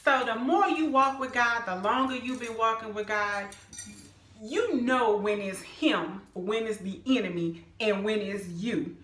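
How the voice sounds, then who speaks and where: A middle-aged woman, telling a personal church testimony in an emphatic, animated way and calling her viewers "y'all". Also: on the high side, unhurried, roomy sound. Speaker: vlogger sharing a personal testimony. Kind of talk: casual storytelling testimony.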